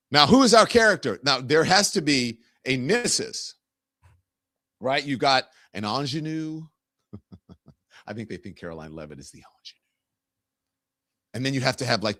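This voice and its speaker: Middle-aged male host from the South, lively up-and-down delivery, talky and rambling, dry close sound. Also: medium pitch, no echo. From Southern United States. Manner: rambling, conversational, many restarts. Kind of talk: casual political commentary.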